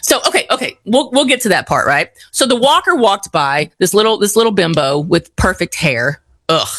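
A chatty woman with a drawl spins a story, her pitch rising and falling in wide swings as she acts out each voice. She is recorded close and dry, with no room sound at all. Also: moderate pace, dry recording. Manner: animated, chatty storyteller acting out quotes. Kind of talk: casual storytelling chat.

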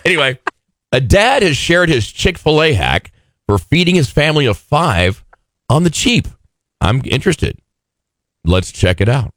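A man's voice: a little high, very animated, measured pace, long pauses, a bit bright, no room sound, clean studio sound. A man hosting a radio show, chatting casually and joking around. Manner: jokey, drops into mock pilot voices. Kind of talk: casual morning show banter.

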